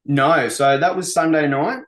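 A man's voice: on the high side, a little slow. A man with an Australian accent, a metal musician being interviewed, laid-back and sweary, saying "mate" often. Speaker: metal band musician, guest. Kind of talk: casual interview.

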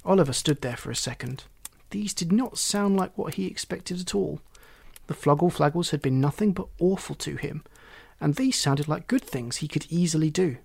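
A man's voice: fairly high pitch, moderate pace, gravelly, husky. Man reading a children's story. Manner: gentle, expressive, does voices.

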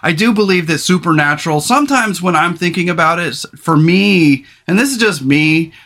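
A man with a fairly high, bright voice speaks briskly with lively intonation. He hosts a casual podcast from a small rural trailer, rambling enthusiastically after an emphatic, announcer-style intro.

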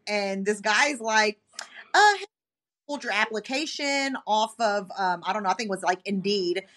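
A woman with a mid-range voice speaks at a moderate pace while co-hosting a podcast. Telling a story in casual chat, she's animated and acts out the voices of the people she quotes.

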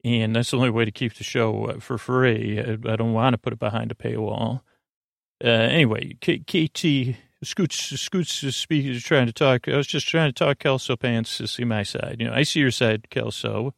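Halting, gravelly sleep podcast host. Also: male voice, mid-range voice, no echo, studio quality. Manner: halting, many ums and restarts. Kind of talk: reading listener reviews, casual chat.

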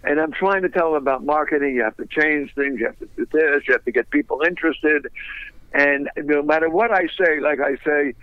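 Man, higher voice, quick wisecracking storyteller, dry muffled lo-fi recording. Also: no room sound. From United States. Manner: fast, wisecracking, laughs at own stories. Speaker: businessman telling a story. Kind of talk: animated anecdotal storytelling.

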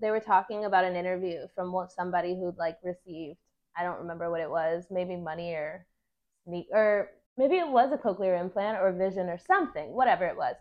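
A woman's voice: lowish voice, fairly quick, lo-fi sound. A woman co-hosting a casual podcast chat, talking loosely with lots of fillers and frequent laughs. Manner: chatty, laughs often, many "like" fillers.

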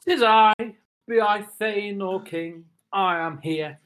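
A man's voice: high-pitched, takes it slowly, fairly bright tone, voice pushed up. A man voicing a pompous Scottish thane with a put-on Scottish accent, speaking grandly. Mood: grandiose. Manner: grandiose, theatrical. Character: pompous Scottish thane, self-styled king.

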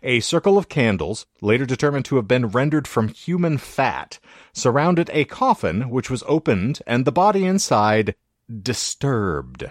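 A man's voice: medium pitch, very animated, unhurried, no room sound, clean studio sound. A man hosting a podcast, reading a researched story with wry jokes in a casual chat. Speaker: podcast host.

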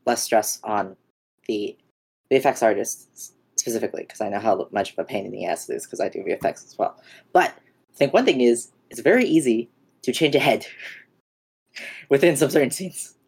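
A young woman co-host with an extremely deep voice talks loosely and fast-thinking, piling on "like" and swearing as she rants. Her tone is plain and unhurried, casual podcast chat. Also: gravelly, darkish tone, slightly rough. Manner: ranting, heavy use of "like" and swearing.

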